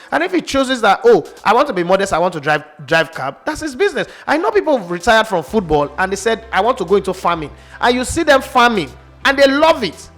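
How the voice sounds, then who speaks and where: A man's voice: high-pitched, fairly bright tone. A man with a Nigerian accent arguing his opinion on a sports talk show, emphatic and full of rhetorical questions. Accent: Nigerian English.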